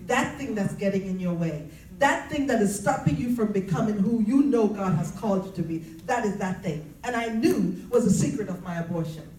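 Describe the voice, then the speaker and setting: A woman's voice: mid-range voice, animated, a little fast, few pauses, darkish tone, a little hiss or hum. A woman giving a faith-based personal testimony in an earnest, preaching cadence, repeating her key phrases. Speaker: speaker sharing personal testimony. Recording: roomy, distant mic.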